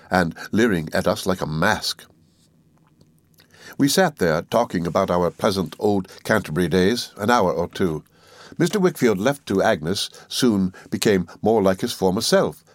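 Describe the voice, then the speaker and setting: A man narrating a classic novel aloud in a measured, earnest, reflective way. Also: low-pitched, no room sound. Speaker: audiobook narrator. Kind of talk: scripted narration.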